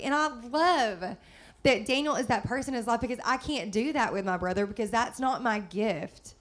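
A woman's voice: fairly high pitch, moderate pace. Chatty upbeat woman. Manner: chatty and upbeat, many fillers. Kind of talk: casual faith-based chat.

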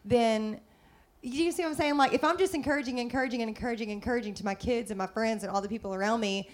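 A middle-aged woman, chatting warmly and upbeat with lots of fillers in a faith-based talk. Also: on the high side, fast talker. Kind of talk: casual faith-based chat.

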